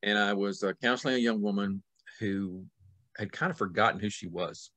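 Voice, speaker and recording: Male author guest, middle-aged, animated yarn-spinner, dry close recording. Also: fairly low pitch, normal speed, dry recording. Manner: lively, acts out scenes with sudden loud and soft swings. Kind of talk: animated storytelling in conversation.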